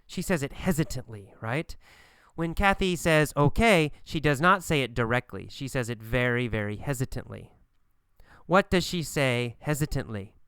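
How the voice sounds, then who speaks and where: A man teaching an English lesson, speaking slowly and emphatically and repeating phrases for learners to copy. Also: medium pitch, expressive, fairly bright tone, clear, resonant tone, no echo, studio quality. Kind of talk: scripted language lesson.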